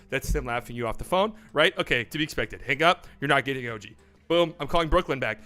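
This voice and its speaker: A man hosting a casual livestream, talking excitably and swearing freely as he acts out mock phone calls. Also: medium pitch, quick pace. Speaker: livestream host.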